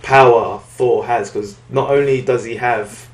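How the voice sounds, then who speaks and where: Man, casual comic recap, rambling, acts out character lines, mid pitch, echoey room. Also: steady tone, measured pace. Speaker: podcast co-host.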